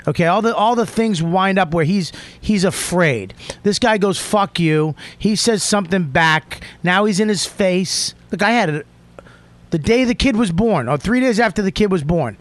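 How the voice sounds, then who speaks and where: A man hosting a podcast, telling a heated story in a profane, emphatic way that keeps swinging into shouting. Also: high voice, normal speed. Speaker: podcast host.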